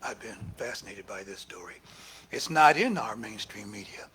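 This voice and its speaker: A man's voice: medium pitch, very animated, normal speed, fairly bright tone, slightly rough. A man giving a conversational sermon at a spiritual center, acting out quoted speech with emphatic rises and dropping at times to near whispers. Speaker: speaker at a spiritual center service. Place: church hall.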